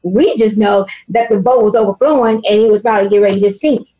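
Loud, animated husky-voiced woman guest. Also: mid-range voice, quick pace, rough recording. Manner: loud, animated, preachy storytelling. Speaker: podcast guest. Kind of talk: casual faith and business chat.

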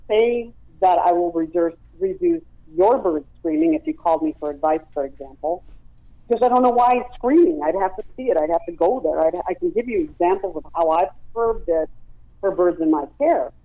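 A woman's voice: on the low side, moderate pace, no echo. A woman who runs a parrot rescue, explaining her training at length with examples in a phone-in radio interview. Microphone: telephone. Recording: tinny dry phone line.

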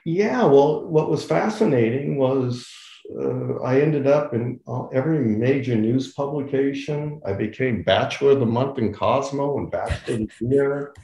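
An older man, an interview guest, telling a long story in a casual, animated way and acting out what others said. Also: medium pitch, normal speed, gravelly, reverberant, poor audio. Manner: animated storyteller acting out quoted voices, laughs often.

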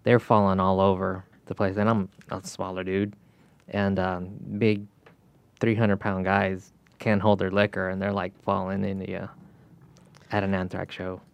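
A laid-back man co-hosts a radio chat show. His low voice has a gravelly, creaky edge. He sounds dry and close in a studio booth. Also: flat delivery, a little slow, no room sound, highs cut off. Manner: laid-back, offhand storytelling.

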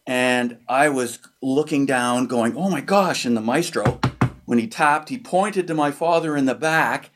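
A man from Canada, a percussionist and author, tells a childhood story as an interview guest. He acts out voices and sound effects and pauses with fillers as he goes. His voice sits at a middling pitch. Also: a bit bright, slight background noise.

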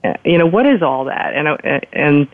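A woman telling a personal story in a casual, lively way, acting out the people she quotes. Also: sits low, normal speed, no room sound. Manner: lively retelling, acts out quoted doctors. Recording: tinny phone-line sound.

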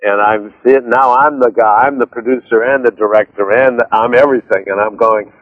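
A man guest on an interview, rambling and animated, with restarts as he tells stories. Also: on the low side, moderate pace, hardly any pauses, dull audio. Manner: rambling, animated storyteller with many restarts and laughs. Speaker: author and director, interview guest. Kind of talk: casual interview chat.

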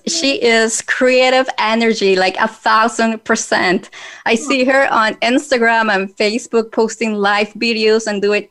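A woman with a Spanish accent hosting a podcast, talking in an earnest, measured way with hesitant fillers. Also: on the high side, fairly bright tone. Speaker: podcast host. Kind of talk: reflective podcast talk.

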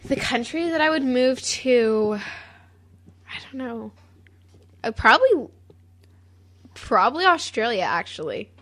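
Teen girl from Texas, co-host, giggly, rambling, slightly high voice. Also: sing-song, a little slow, long pauses, a bit bright. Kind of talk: casual chat.

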